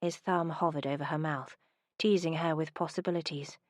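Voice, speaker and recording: A woman narrating a historical romance audiobook in a soft, intimate way. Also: low voice, fairly even intonation, a little fast, no room sound, clean studio sound.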